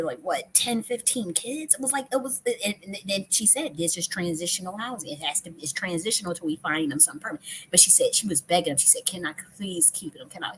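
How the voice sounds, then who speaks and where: A woman's voice: medium pitch, a bit bright, slight background noise. A woman hosting a live stream, telling a personal story in a casual, emotional way, swearing often and restarting her sentences. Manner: emotional, profane, frequent restarts and repetitions.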